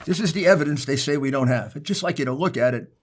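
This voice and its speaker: A man giving a political speech, emphatic and building to forceful outbursts. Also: fairly high pitch, fast, slight background noise. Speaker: speaker addressing lawmakers.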